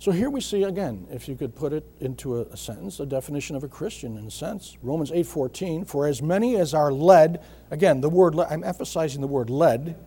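A man preaching a sermon in an earnest way, repeating key words and often clearing his throat. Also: fairly high pitch, animated, quick pace, hardly any pauses, dark tone.

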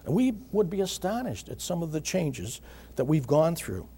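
Husky, mellow-voiced man preaching a sermon. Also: on the high side, very animated. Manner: measured preaching with repeated phrases and frequent throat clearing. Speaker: pastor.

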